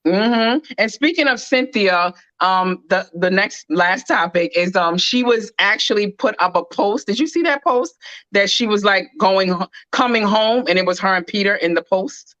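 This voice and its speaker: Bright-voiced woman rambling through gossip. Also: medium pitch, lively intonation, normal speed, dry recording, highs cut off. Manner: rambling, full of "like" fillers, judgmental. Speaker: co-host. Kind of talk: casual gossip chat.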